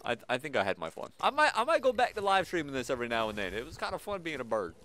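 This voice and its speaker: A man giving excitable live gameplay commentary, reacting loudly and talking to his viewers. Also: medium pitch, racing. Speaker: gaming video creator.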